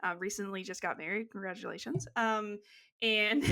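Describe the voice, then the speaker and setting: A young adult woman co-hosts a podcast in a loose, chatty way, with plenty of asides and fillers. Her voice is bright and forward at a middle pitch for a woman. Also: big pitch swings, a little slow, pauses often. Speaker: podcast co-host. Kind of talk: casual chat.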